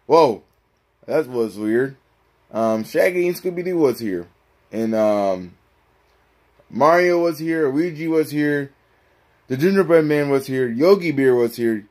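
A man's voice: medium pitch, expressive, a little slow, darkish tone. A man talking casually to his viewers, rambling and pleading for likes and subscribers. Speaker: YouTuber. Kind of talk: casual vlog talk.

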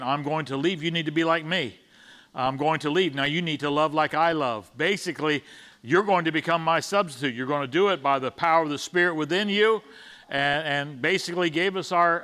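A man's voice: fairly high pitch, bright, forceful tone. A man preaching a conversational sermon in church, stumbling over restarts and acting out the disciples' side in paraphrase. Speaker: pastor. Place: church sanctuary.

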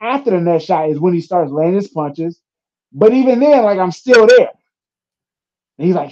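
In a casual interview, a young UFC fighter tells stories with acted-out quotes and plenty of profanity. His voice is high-pitched at a moderate pace with long pauses, and the recording's highs are cut off.

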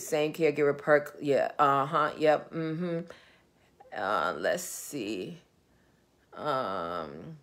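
A woman with a New York accent hosting a live business Q&A, chatty and digressive, talking straight to viewers. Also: sits low. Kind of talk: casual live-stream chat. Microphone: webcam or phone on a live video stream.

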